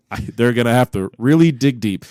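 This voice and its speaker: A young man co-hosting a podcast, telling a crude story with lots of swearing and jumping into a high voice for quoted lines. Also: expressive, moderate pace, dark tone, no room sound, clean studio sound. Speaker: podcast co-host. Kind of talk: crude casual podcast chat.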